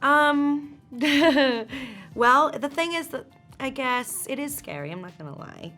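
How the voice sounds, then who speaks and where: A woman actress answering junket questions, halting and self-deprecating with frequent laughs. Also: sits high, lively intonation, bright, forceful tone, faint music behind. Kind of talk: press junket interview.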